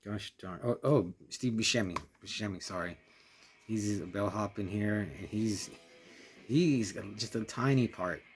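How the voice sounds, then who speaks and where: A man giving a casual, rambling spoken film review, restarting his sentences and trailing off quietly at times. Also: on the low side, unhurried. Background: faint music.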